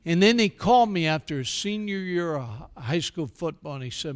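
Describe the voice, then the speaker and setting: An older American man, speaking in a fairly high voice, tells stories to a church gathering. He acts out each quoted exchange, and his talk drifts into a warm, sermon-like message. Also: fairly quick, few pauses. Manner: animated storyteller who acts out quoted dialogue. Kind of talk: storytelling speech with a sermon tone.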